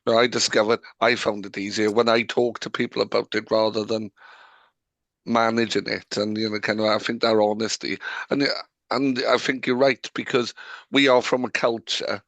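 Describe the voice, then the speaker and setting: Middle-aged Welsh male co-host, lowish, dry close sound, relaxed chatter. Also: normal speed, no echo. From Wales. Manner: loose, uses many fillers like "kind of". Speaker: podcast co-host. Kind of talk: conversational interviewing.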